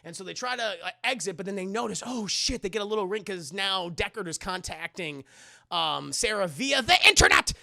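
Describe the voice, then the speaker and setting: A streamer casually retelling a story to chat, profane and animated, laughing often. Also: medium pitch, a little fast, creaky. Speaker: streamer recapping a film.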